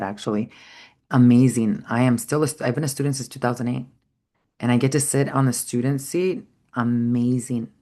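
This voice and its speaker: A woman's voice: rumbling low, darkish tone. Woman teaching spiritual stuff, earnest and heartfelt, kinda rambly, lots of "like".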